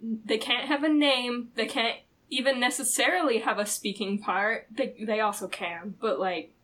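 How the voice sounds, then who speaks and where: A woman's voice: fairly high pitch, moderate pace, fairly bright tone. A woman co-hosting a podcast in casual chat, rambling and full of "like", laughing often. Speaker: podcast co-host.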